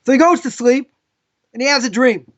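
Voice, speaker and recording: A man, a rabbi, teaching a live class in a casual, animated way, telling stories with lots of asides. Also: very high-pitched, fairly quick, dull audio. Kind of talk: live lesson with storytelling.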